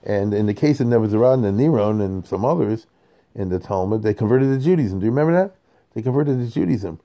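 A man's voice: lowish voice, animated, fast talker, mellow. A man teaching a conversational Torah class, digressive and chatty, often checking in with his listeners and chuckling between points.

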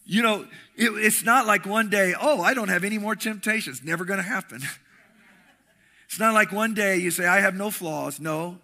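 A middle-aged man preaching a sermon with passion, swinging between shouting and hushed tones. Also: high voice, normal speed, vocal fry. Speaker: pastor.

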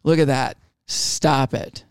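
A man, a comedian co-hosting a podcast, teasing fast and stumbling over his words in crude banter. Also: medium pitch, fairly even intonation, creaky, smooth, no room sound, clean studio sound.

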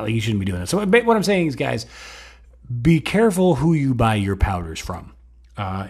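A man rambles through a comedic monologue, jokes at his own expense and wanders into asides. His voice sits fairly low and sounds gravelly and husky. He talks in a loose, offhand way. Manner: rambling, self-deprecating, many fillers and restarts. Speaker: comedic host.

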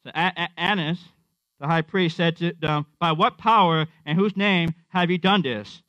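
A man's voice: a little high, normal speed, pushed and bright, no echo, dull audio. A man preaching a conversational sermon, repeating his refrains and acting out quotes.

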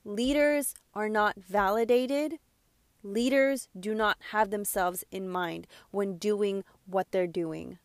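A woman's voice: on the high side, no echo. A young adult woman delivering an impassioned motivational monologue as a self-help speaker, emphatic and preachy, swearing freely.

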